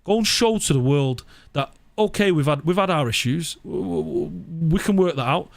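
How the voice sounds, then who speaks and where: Man, fan channel live streamer, high voice, animated, mock outrage, repeats himself. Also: normal speed, gravelly. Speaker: fan channel presenter reading live chat. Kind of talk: casual live-stream chat.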